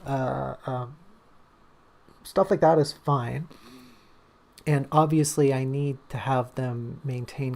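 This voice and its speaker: Creaky-voiced man thinking aloud. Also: medium pitch, darkish tone. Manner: thinking aloud, many fillers and restarts. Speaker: writer discussing his draft on stream. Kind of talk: casual livestream talk.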